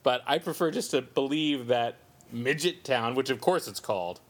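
Speaking at a normal speed in a medium pitch, a podcast co-host in his forties chats casually. He grew up in the Southern California desert and spins a long story that clearly amuses him.

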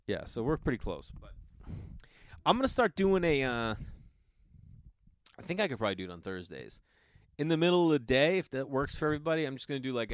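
A man's voice: mid-range voice, no echo, studio quality. Profane, storytelling man podcast host. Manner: loose, profane, animated storytelling with acted-out quotes. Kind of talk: casual storytelling monologue.

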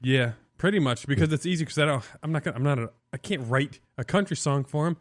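A man's voice: a little high, quick pace, no echo, clean studio sound. A man who grew up on the Illinois-Wisconsin border, talking casually as a podcast guest, rambling with lots of "like". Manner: casual, rambling, says "like" a lot. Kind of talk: casual chat.

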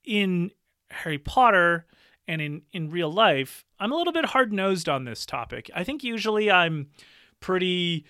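A man's voice: sits high, sing-song, unhurried, bright, forceful tone, clear, resonant tone, no echo, studio quality. A man in a casual podcast conversation, speaking earnestly and thoughtfully, often breaking into a laugh.

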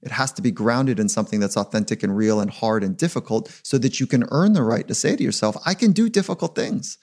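A man's voice: on the low side, expressive, fast, a little mellow. A man being interviewed as a performance psychologist, talking in a reflective, emphatic way. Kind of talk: podcast interview.

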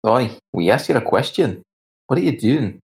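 A man playing a tabletop game, talking bluntly and gruffly in character. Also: mid-range voice, animated, moderate pace, darkish tone. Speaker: player.

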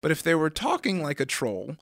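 A young podcast co-host chats casually about games, his bright, slightly high voice swooping wildly in pitch at a brisk pace. He stumbles, restarts and often bursts out laughing, captured close and dry with no echo.

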